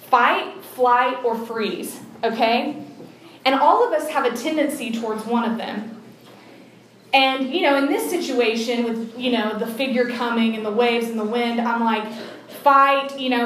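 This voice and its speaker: A young woman retelling a Bible story in a casual, animated sermon. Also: fairly high pitch, slight background noise. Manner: chatty, animated, acts out the story's voices. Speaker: preacher. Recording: echoey room, faint ambience.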